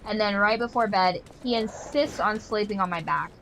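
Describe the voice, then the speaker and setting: A woman's voice: medium pitch, moderate pace, gravelly, slight background noise, low-quality recording. Chatty young woman streaming a game. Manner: chatty, rambling, full of "like" fillers; animated storyteller, playfully exasperated. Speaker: gaming streamer. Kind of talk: casual chat while playing a game.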